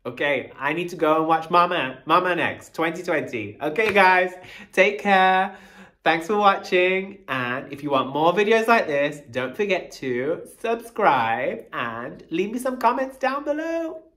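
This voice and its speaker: Dancer reacting to a video, unhurried talk, enthusiastic, loud delighted exclamations, addresses viewers directly. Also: medium pitch, expressive. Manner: chatty and admiring, speaks to viewers directly.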